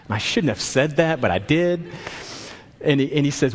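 A pastor preaches a sermon in a church, telling an anecdote and acting out the voices of the people he quotes. His voice is a little high, animated and moderately paced, and the recording carries a long hall reverb.

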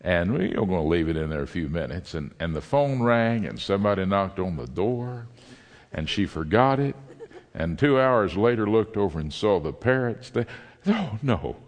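A man's voice: low-pitched, normal speed, big-room sound. A man teaching a Bible study as a guest speaker, telling a folksy joke before reading scripture. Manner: folksy storyteller, lively delivery with a joke. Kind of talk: sermon with humorous story.

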